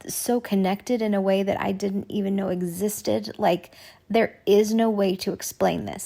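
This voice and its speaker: Gravelly-voiced woman giving a halting testimony. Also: medium pitch. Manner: halting, searching for words with many restarts; soft, often dropping to a near whisper. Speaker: person sharing a spiritual testimony. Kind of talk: personal testimony monologue.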